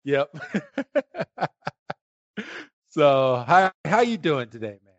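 A man's voice: on the high side, sing-song, very slow, no echo, dull audio. A man hosting a casual podcast, joking around and laughing easily with his co-host. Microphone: remote call line.

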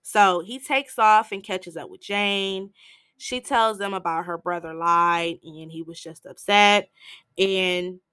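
Lively low-voiced woman telling a story. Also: slow pace, clear, resonant tone, no echo, studio quality. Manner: animated storyteller who jumps into high voices to act out quotes; blunt, swears casually, relaxed slang. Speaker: podcast host reviewing a film. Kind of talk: casual movie recap.

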